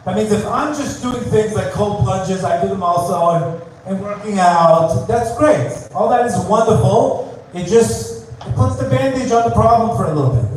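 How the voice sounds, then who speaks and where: Man, live spiritual lecture, emphatic, repeats himself, high-pitched, distant echoey room. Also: a little mellow, slight background noise. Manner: emphatic, repeats key phrases, asks the audience questions. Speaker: speaker giving a talk. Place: live venue in Tel Aviv.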